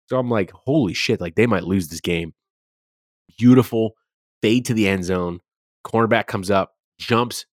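A man's voice: low voice, no echo, studio quality. A man co-hosting a sports podcast, talking casually and animatedly, swearing freely as he rants about games. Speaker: podcast co-host.

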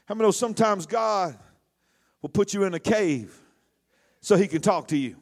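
High-voiced preacher shouting his sermon. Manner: preaching with shouted, sing-song swells and quick asides.

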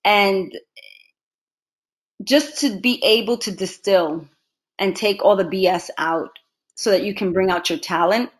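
A woman actress being interviewed, telling stories in an animated way and laughing often. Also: medium pitch, a little slow, pauses often. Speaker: actress, guest. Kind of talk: casual interview conversation.

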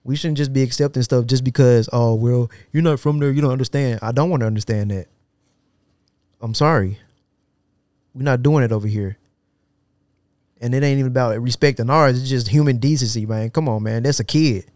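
A man's voice: medium pitch, fairly quick, long pauses, no room sound. Blunt podcast co-host man, dry sound. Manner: blunt, animated, laughs often. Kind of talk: casual chat.

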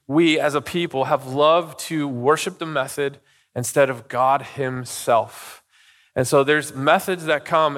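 A middle-aged pastor with a fairly high, bright and forceful voice preaches a sermon in a church sanctuary. Conversational and storytelling, he shares personal anecdotes with frequent "okay?" and "right?" asides, recorded with the long reverb of a church hall.

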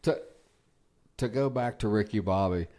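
A man's voice: lowish voice, moderate pace. A man telling an anecdote in casual chat, acting out what his friend said. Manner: animated, acts out quotes. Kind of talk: casual storytelling.

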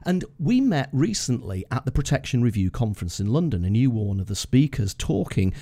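A man in his fifties hosting a podcast, chatting in a relaxed, storytelling way with frequent restarts. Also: medium pitch, fairly quick. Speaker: podcast host and marketing consultant. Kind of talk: casual conversational interview.

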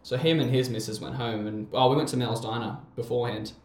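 A young Australian man spins a rambling, swearing story in casual chat, mid-pitched and laughing often. He has an Australian accent, and the room around him rings with echo. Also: fast talker, darkish tone.

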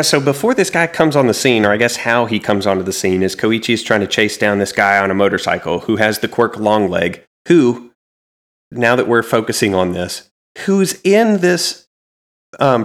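A man co-hosting a podcast, casually recapping a comic in a relaxed, meandering way with frequent ums. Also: fairly low pitch, normal speed. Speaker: podcast co-host.

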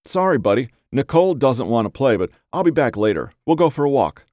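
A man voicing an affectionate young man who dotes on his dog, speaking in a gentle, coaxing way. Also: medium pitch, sing-song, fairly quick, dry recording, clean studio sound, pitched above the performer's own voice, close to an everyday voice. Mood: doting.

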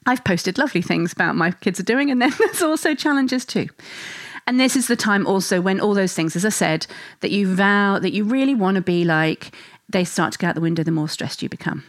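A woman talking softly and reassuringly to listeners about family life, at a middle pitch. The sound is dry and close, with no room around it. She speaks as an understanding mother in an unhurried, conversational flow. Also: animated, no echo. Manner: gentle and reassuring, acts out stressed inner thoughts. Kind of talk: reflective talk to listeners.

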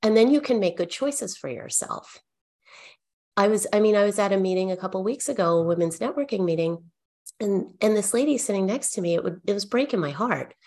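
A middle-aged accountant appears as a podcast guest, telling earnest, animated stories in a mid-range voice at a fairly quick pace. She acts out the dialogue between herself and her clients.

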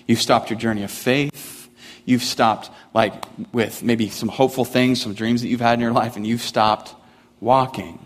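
A man's voice: medium pitch, in a large hall. A man preaching a sermon in a casual, conversational way, with many "like" fillers, building intensity as he goes. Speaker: pastor.

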